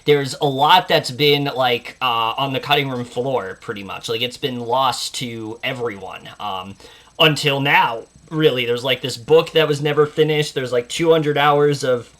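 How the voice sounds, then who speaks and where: Young guy hosting a movie preview, bright voice, lots of uh and like, excited. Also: medium pitch, a little slow. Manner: enthusiastic, many fillers like "uh" and "like". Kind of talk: casual film chat.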